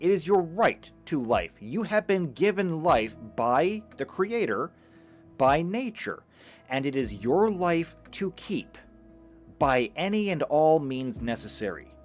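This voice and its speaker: A man giving a live lecture, talking emphatically and stumbling over a few restarts. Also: a little high. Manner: animated, emphatic, with occasional stammered restarts. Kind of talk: live lecture reading chat comments.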